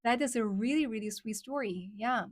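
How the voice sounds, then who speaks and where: A woman's voice: a little high, normal speed, no echo. Chinese woman streamer, repeating her phrases in a dry voice. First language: Mandarin Chinese. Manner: repeats her phrases, switches between English and Mandarin. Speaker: livestream host. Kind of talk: casual livestream chat answering viewers.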